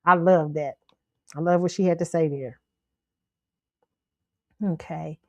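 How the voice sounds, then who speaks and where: A woman's voice: low voice, slow pace, no echo. Sassy, blunt woman host. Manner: blunt, sassy, animated, laughs often. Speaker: show host. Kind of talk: pop culture commentary livestream.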